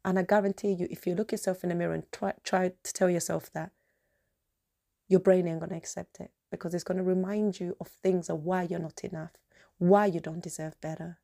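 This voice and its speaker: A woman's voice: on the low side, fairly even intonation, fairly quick, creaky, warm tone. A woman hosting a solo podcast, talking earnestly and passionately, repeating her points for emphasis. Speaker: podcast host. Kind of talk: emotional solo podcast monologue.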